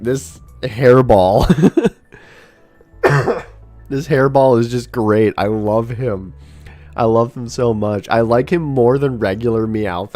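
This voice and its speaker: A man giving casual livestream commentary, chatty and thinking out loud, laughing often. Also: medium pitch, no room sound. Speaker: livestreamer ranking a tier list.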